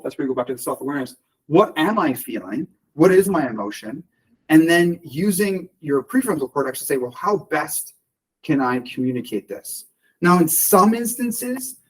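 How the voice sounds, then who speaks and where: A man's voice: fairly high pitch, husky. A man giving a casual explanatory monologue on emotions, rambling with many fillers and restarts. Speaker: speaker on emotions and self-awareness. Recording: distant from the mic.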